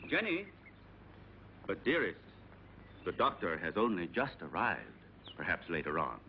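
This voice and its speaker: A patronizing aristocratic husband. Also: male voice, low voice, sing-song, measured pace, a little hiss or hum. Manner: smooth, soothing and patronizing. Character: calm, controlling aristocratic husband. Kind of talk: dubbed 1960s film dialogue. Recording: dull old film soundtrack.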